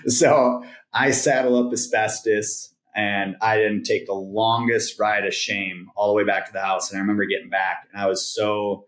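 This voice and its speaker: A man with a low voice tells a story on a podcast, relaxed and conversational, leaning on "like" and "right?". The sound is roomy and echoey. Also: moderate pace, hardly any pauses. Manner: laid-back, peppers speech with "like" and "right?". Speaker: podcast guest. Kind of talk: casual storytelling. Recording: roomy echo.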